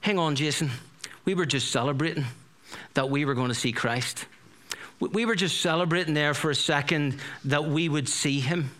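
A man's voice: on the high side, moderate pace, a bit bright. A middle-aged man preaching a sermon in a conversational, storytelling way, full of rhetorical questions.

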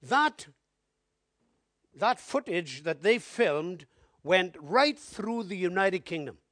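A man preaching a sermon, telling his testimony in an animated storytelling way and building to emphatic appeals. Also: high voice, slow pace, no echo, clean studio sound.

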